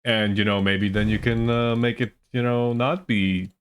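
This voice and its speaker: A man's voice: medium pitch, steady tone, moderate pace, clear, resonant tone. A man doing casual live esports commentary, chatty and rambling, teasing the chat between plays.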